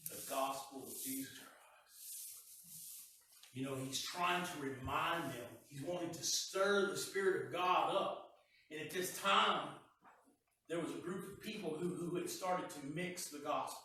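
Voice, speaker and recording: A male pastor preaches a sermon in a folksy, conversational style, often repeating his words, his voice somewhat high, measured, pushed and bright. It was recorded from a distance in an echoey church sanctuary, with a slight hiss or hum.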